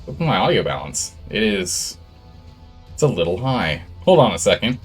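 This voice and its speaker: Husky and sing-song, his lowish voice moves at a moderate pace with soft music in the background. He's a game streamer in casual live chat with viewers, distracted as he sorts out the levels on his studio mic with gain control.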